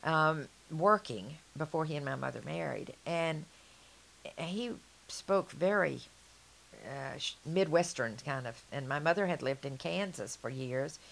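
A woman's voice: sits low, a little slow, gravelly. An older woman with a Southern US accent, chatting frankly and laughing easily in an oral-history interview.

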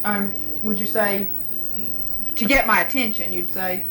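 A woman's voice: mid-range voice, unhurried, bright, forceful tone, soft background music, low-quality recording. A woman interviewer who patiently prompts answers by starting sentences and leaving them for the other person to finish. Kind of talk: dialect survey interview.

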